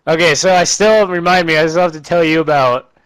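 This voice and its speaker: A man casually recapping a terrible movie for laughs, animated and laughing often as he acts out lines. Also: fairly high pitch, brisk, smooth, low-quality recording. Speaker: movie reviewer.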